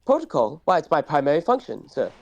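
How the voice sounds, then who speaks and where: A man's voice: on the high side, huge pitch swings, quick pace, creaky, no echo, dull audio, heavily acted. A man voicing a fussy, anxious male protocol robot who frets, complains and speaks primly. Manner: prim, fretful, complaining.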